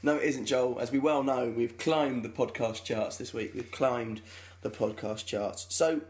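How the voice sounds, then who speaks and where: A man's voice: mid-range voice, unhurried. A young man co-hosting a podcast, chatting casually, rambling and self-mocking, often laughing at his own jokes. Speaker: podcast co-host. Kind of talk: casual comedic chat.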